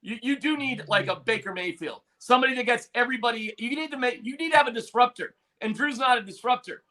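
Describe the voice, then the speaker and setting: A man's voice: very high-pitched, fast, pushed and bright. A male sports radio host arguing his opinions emphatically, repeating points for emphasis. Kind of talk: sports talk radio debate.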